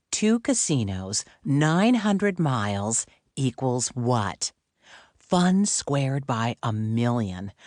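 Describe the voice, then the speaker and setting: With a medium-pitched voice, a man narrates an audiobook script in an even, measured way. It is studio-quality audio with no room sound.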